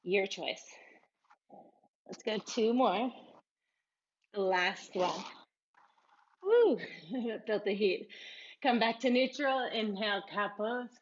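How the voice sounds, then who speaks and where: A woman guiding a yoga class, giving calm, encouraging cues and laughing now and then, sometimes a little out of breath. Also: medium pitch, slow, pauses often, dull audio. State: out of breath at times. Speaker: yoga instructor.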